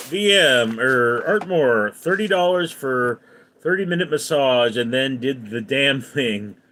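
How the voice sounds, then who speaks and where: A man's voice: mid-range voice, fairly bright tone. A man hosting a casual live stream, reading viewer comments aloud and answering them offhandedly. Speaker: livestream host.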